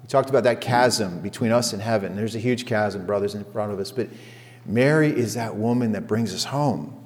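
A man preaching to a men's group as their pastor, telling stories casually in a conversational, animated way. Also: on the low side, normal speed, in a large hall. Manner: storytelling, conversational, animated retellings.

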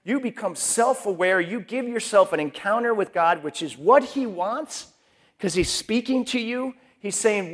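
A man with a notably high-pitched voice delivers a sermon. His talk is chatty and conversational, and he slips into voicing the thoughts of the people he describes. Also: expressive, a little slow. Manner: conversational, acts out quoted inner voices. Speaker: preacher.

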